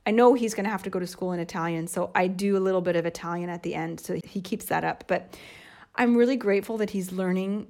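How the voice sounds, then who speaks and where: An American woman in her thirties, a podcast co-host and mother, chatting casually and explaining with lively examples. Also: fairly low pitch, fast. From United States. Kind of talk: casual chat.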